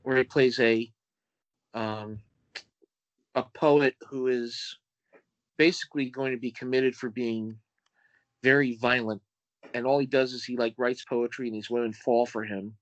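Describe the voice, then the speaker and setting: A man guesting on a film podcast, talking deliberately and reeling off cast names and film facts. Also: mid-range voice, fairly even intonation, dry recording, muffled recording. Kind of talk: casual film chat.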